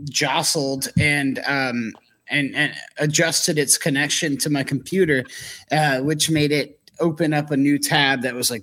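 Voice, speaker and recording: A man chatting casually on a podcast over a video call, talking haltingly with stammers and fillers. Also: mid-range voice, fairly bright tone, low-quality recording. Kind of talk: casual chat.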